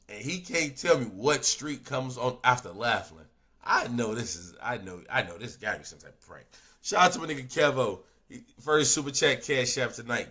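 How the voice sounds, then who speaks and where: A man's voice: medium pitch, sing-song, brisk, sharp tone. A man streaming a reaction video with casual, profane commentary, firing off rhetorical questions.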